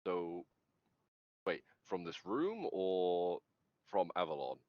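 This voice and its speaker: Low-voiced, lively questioning male player. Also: takes it slowly, no room sound, muffled recording. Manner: reasoning, questioning. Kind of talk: tabletop role-play chat.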